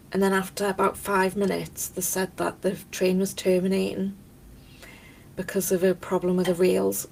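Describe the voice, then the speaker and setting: A woman's voice: lowish voice, creaky, a little mellow, slight background noise, low-quality recording. A woman talking casually to camera in a chatty, rambling way, drifting off topic and laughing often. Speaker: vlogger.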